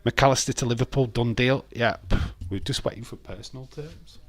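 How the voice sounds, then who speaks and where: A man's voice: mid-range voice, normal speed, no room sound. A man hosting a casual live stream, chatting loosely, laughing often and answering viewers' comments. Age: adult with children.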